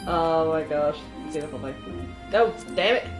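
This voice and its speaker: A woman's voice: deep voice, a little slow, music in the background. A woman chatting casually while playing a game on stream, rambling and giggling as she goes. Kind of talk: casual chat while gaming.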